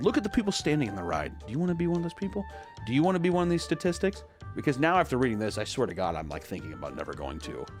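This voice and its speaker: Brief: young male host, casual and profane, voice leaps all over, faint music behind. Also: mid-range voice. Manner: casual, swearing, animated. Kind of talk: comedic commentary.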